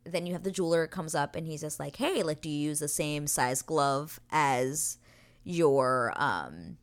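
Low-voiced woman giving a profane, animated recap. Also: a little slow. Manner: animated, swears freely, paraphrases characters in modern slang. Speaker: TV episode recap host. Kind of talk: casual scene-by-scene recap.

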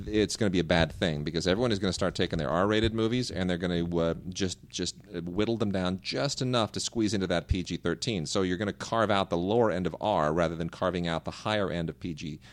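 A middle-aged man with a lowish voice talks through movie questions on a podcast. He is opinionated and rambling, often circling back and restarting his sentences. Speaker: podcast co-host reading listener emails. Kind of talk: casual podcast chat.

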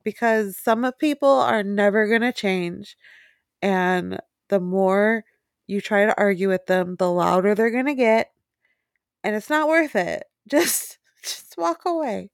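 A woman's voice: mid-range voice, vocal fry, clear, resonant tone, no echo, clean studio sound. A woman co-hosting a casual chat podcast, laughing often as she talks. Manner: laughs often, unhurried and giggly. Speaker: podcast co-host.

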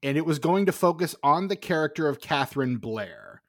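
A man's voice: a little high, very animated, normal speed, a bit bright, no echo, studio quality. A man co-hosting a podcast, giving wry, chatty commentary on a film. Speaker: podcast co-host. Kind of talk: casual chat.

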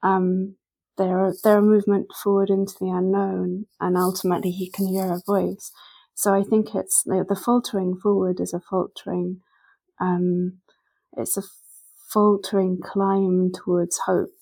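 A woman's voice: mid-range voice, little pitch movement, unhurried, vocal fry, warm tone, breathy edge. A woman, a literary scholar and podcast guest, discussing a poem in a thoughtful, hesitant way with many ums and restarts.

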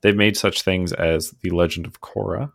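A man co-hosting a podcast, talking in a loose, easygoing way with lots of ums and chuckles. His voice is deep and gravelly with plenty of fry, recorded close and dry. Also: normal speed, dry recording. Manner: relaxed, chuckling, trails off with fillers. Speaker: podcast co-host. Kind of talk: casual chat.

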